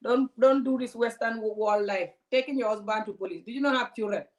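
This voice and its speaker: A woman's voice: on the high side, brisk, recorded from a distance, lightly acted. A dismissive middle-aged policeman, put on by a woman. He lectures in a raised, preachy voice, scolding and talking down, and he pushes each point hard.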